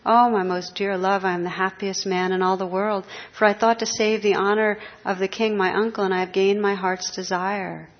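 A woman's voice: medium pitch, little pitch movement, moderate pace, few pauses, in a large hall, natural voice. A woman reading the part of a devoted young knight in earnest, courtly speech, on a slightly dull recording. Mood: ardent.

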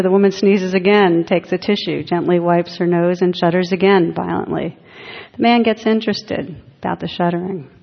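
A woman meditation teacher giving a gentle, reflective dharma talk with light humor to an audience. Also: fairly low pitch. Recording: dull echoey hall.

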